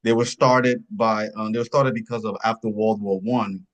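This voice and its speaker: A man co-hosting a podcast, chatting casually about a film, rambling and searching for words, his pitch jumping up when surprised. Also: fairly even intonation, normal speed, a bit bright. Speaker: podcast co-host. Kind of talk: casual film review chat.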